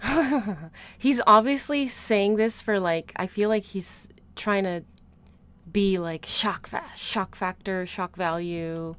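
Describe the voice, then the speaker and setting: A woman streamer chatting casually over a video, blunt, sweary and quick to laugh. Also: medium pitch, a bit bright, smooth. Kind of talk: casual livestream chat.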